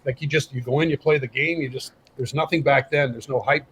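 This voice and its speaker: A man's voice: mid-range voice, fairly quick, a little hiss or hum, low-quality recording. A middle-aged man, a former hockey player, telling a story on a podcast and acting out the quoted dialogue. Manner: animated, acts out quoted dialogue. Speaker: podcast guest, former pro hockey enforcer. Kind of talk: casual storytelling.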